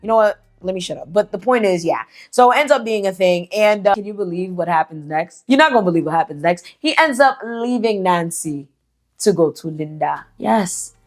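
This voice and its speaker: A woman's voice: mid-range voice, lively intonation, a little fast. A woman telling a story in a casual, slangy, chatty way, swearing freely. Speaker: storyteller host.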